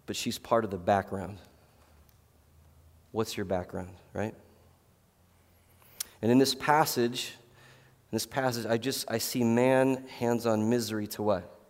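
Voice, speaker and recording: Middle-aged pastor with a casual, rambling sermon. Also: male voice, fairly low pitch, a little slow, long pauses, long reverb tail. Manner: casual, rambling storytelling with many fillers.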